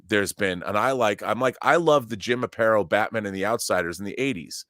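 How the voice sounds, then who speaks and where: Male guest commentator, chatty and animated, stammers through restarts and laughs a lot. Dry, close sound. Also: on the low side, fairly quick, no echo. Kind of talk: casual chat about movies and comics.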